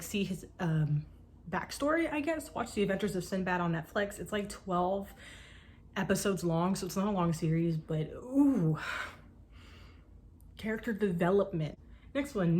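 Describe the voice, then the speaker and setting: A young woman talking casually to camera about books she loves, gushing and animated, with the odd swear word. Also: fairly low pitch. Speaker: book vlogger. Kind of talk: casual chat.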